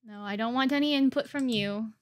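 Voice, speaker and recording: A woman's voice: on the high side, brisk, a little hiss or hum. A woman hosting a let's play, chatting playfully through her gameplay and laughing often. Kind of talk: casual gameplay commentary.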